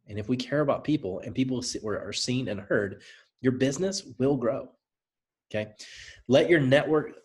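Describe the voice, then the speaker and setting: A man with a Southern US accent gives a motivational talk to a team of sellers. His delivery is energetic and conversational, like a coach. He stays direct and drives each point home by saying it again, in a voice of ordinary middle pitch. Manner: direct, repeats points for emphasis. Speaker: presenter.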